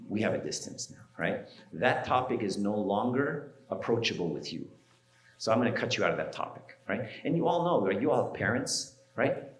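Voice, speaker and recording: A man's voice: on the low side, reverberant. A middle-aged man, an archdeacon giving a parenting seminar, talking conversationally and telling stories, often checking in with "right?". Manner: conversational, storytelling, keeps asking "right?". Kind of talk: seminar talk. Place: church hall.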